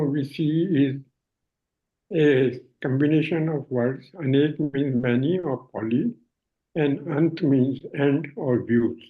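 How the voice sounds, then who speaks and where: Older indian guy giving a slow careful talk, lots of "you know", sounds like a tinny call line. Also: on the high side. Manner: measured, explanatory, with many fillers. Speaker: lecturer. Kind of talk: online lecture presentation. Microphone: video call. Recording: phone-like narrow band audio.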